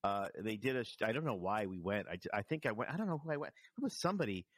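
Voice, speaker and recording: A man co-hosting a casual podcast chat, wry and joking with quick comebacks. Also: on the low side, lively intonation, no room sound. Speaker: podcast co-host.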